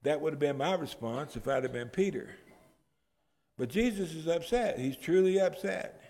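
A man preaching a sermon in a fairly high voice that rings out in a big hall with long reverb. He retells the story in a storytelling way and climbs to emphatic outbursts. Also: expressive, moderate pace, a little mellow.

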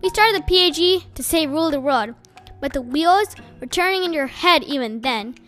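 A woman's voice: sits high, expressive, moderate pace, fairly bright tone, soft background music. Woman voicing an enraged teenage boy. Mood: furious. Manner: raging, accusing, sputtering. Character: angry accusing teenage boy, the narrator's friend.

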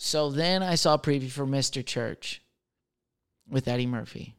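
His voice is a little high and clean, delivered at a normal speed. He's a server in his thirties doing a solo podcast, chatting casually through question cards with sarcastic, crude, self-mocking stories.

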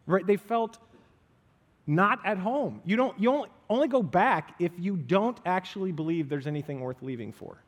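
A man preaching a casual, conversational sermon as pastor, lively and animated, acting out the voices he quotes. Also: high-pitched, moderate pace. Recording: long reverb of a hall.

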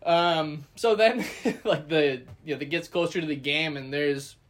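Animated man telling a story, fairly high voice. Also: unhurried. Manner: animated, acts out quotes, laughs often. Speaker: podcast co-host telling a story. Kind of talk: casual chat, storytelling.

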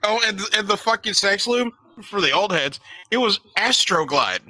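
A man's voice: high voice, lively intonation, moderate pace, pushed and bright. A young man hosting a podcast, retelling an awkward story with laughter and acted quotes. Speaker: podcast host. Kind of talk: casual storytelling.

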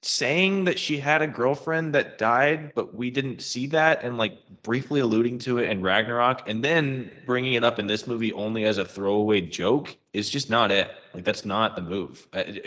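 A man's voice: mid-range voice, fairly bright tone, highs cut off. A man co-hosting a podcast, chatting casually and ranting his opinions with frequent swearing. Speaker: podcast co-host.

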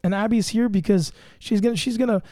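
A man's voice: high-pitched, fairly even intonation, fast, mellow, no room sound, clean studio sound. A man hosting a casual comedy podcast, bragging in a mock-grandiose, self-mocking way. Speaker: podcast host.

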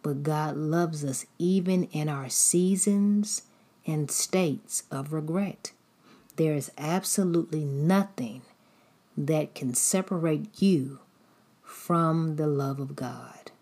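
Woman preacher, slow rhythmic sermon, low mellow voice. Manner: repetitive, rhythmic preaching cadence.

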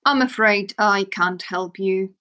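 A woman doing a hushed, humble fake wizard. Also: mid-range voice, slow, pitched below the performer's own voice. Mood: apologetic. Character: humble old man posing as a wizard. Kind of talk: reading a children's story aloud.

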